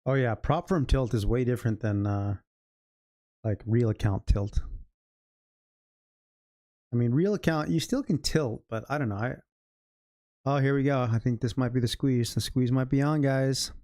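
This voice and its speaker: A man's voice: mid-range voice, moderate pace, long pauses, dark tone, no echo, clean studio sound. A man live-streaming his day trading, talking loosely to himself and his chat and swearing freely. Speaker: day trader livestreaming.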